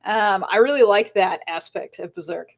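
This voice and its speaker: A woman author being interviewed, telling lively anecdotes with frequent laughter and acted-out voices. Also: medium pitch, normal speed, vocal fry. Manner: animated storyteller, laughs often, acts out voices in anecdotes. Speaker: author guest. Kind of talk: casual interview chat.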